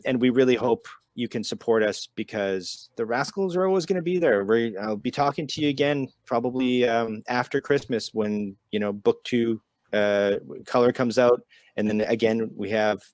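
A man from Canada, a guest comic creator, giving a quick casual pitch with lots of ums and uhs. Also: no room sound. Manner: quick, filler-heavy pitch.

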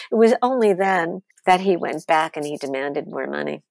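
Blunt, animated woman telling stories. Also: deep voice, moderate pace, creaky, no echo, studio quality. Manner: animated, blunt, swears freely. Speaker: wine author and guest. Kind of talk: storytelling interview talk.

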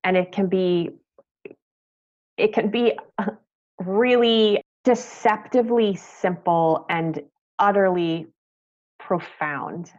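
A woman talks slowly and gently as a podcast guest, pausing often and restarting her thoughts. Her voice comes through a little dull and lo-fi, as if over a remote call. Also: mid-range voice. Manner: soft-spoken, thoughtful, pauses and restarts. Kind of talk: podcast interview, reflective storytelling.

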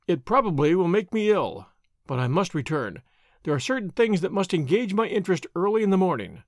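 A man's voice: high-pitched, big pitch swings, no room sound, studio quality. Don Diego, a man reading a languid ironic nobleman. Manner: drawling, mildly mocking, unhurried. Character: gentle, languid young nobleman, lazy and ironic. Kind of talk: audiobook character reading.

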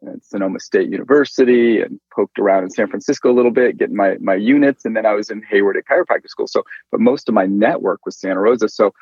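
A middle-aged man from Northern California, an interview guest telling a personal faith story in an animated way and acting out quoted lines. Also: lowish voice, quick pace, hardly any pauses, husky, no echo. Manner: animated storyteller who acts out quoted speech. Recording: dull lo-fi dry sound.

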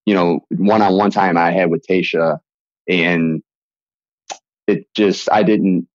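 A young man as a podcast guest, talking in halting, restarting sentences and laughing easily. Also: low voice, steady tone, no room sound, lo-fi sound. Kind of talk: casual interview chat.

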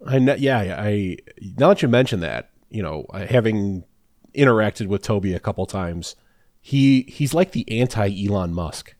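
A man's voice: lowish voice, expressive, measured pace, darkish tone, no room sound, clean studio sound. A man co-hosting a podcast, chatting in an easygoing casual way. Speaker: podcast co-host. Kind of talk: casual chat.

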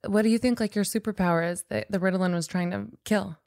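A woman's voice: mid-range voice, steady tone, vocal fry, darkish tone, dry recording, clean studio sound. A woman hosting a casual interview, playful and teasing with her guest. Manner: playful, teasing, quick to laugh.

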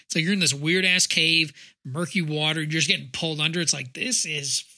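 Bright-voiced animated podcast guy. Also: fairly high pitch, a little fast. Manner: animated, swearing, acts out reactions. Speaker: podcast co-host. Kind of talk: casual podcast chat.

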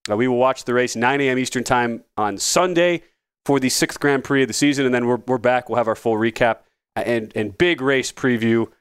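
A man's voice: mid-range voice, moderate pace, clean tone, no room sound. A man hosting a sports betting podcast, talking casually with wry asides and frequent restarts. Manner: rambling, self-correcting, wry asides. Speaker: podcast host.

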